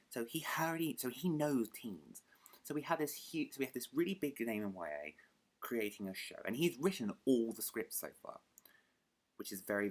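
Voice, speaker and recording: A young man with a British accent and a deep, low voice talks casually to his viewers. He rambles from point to point and stops to correct himself. He pokes fun at his own slips. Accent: British English. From United Kingdom. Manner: chatty, self-deprecating, rambling with restarts. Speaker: book vlogger. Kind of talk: casual chat to camera.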